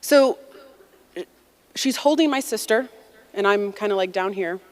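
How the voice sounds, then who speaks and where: An American woman in her forties tells a personal story to an audience, lively and conversational, acting out the quotes. Her voice sits in the mid-range and moves a little slowly.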